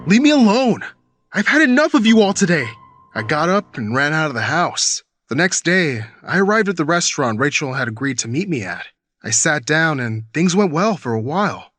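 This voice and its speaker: A man narrates a first-person storytime tale in a fairly high, animated voice. He tells it dramatically and breaks into shouted lines, with faint music playing behind him. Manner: dramatic, bursts into shouted quotes.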